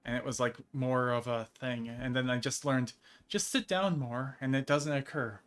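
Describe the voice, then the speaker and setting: A man's voice: mid-range voice, steady tone, normal speed, fairly bright tone. Man, game streamer, casual rambling chat, frequent chuckles, mid-range voice. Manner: rambling, laughs often between phrases.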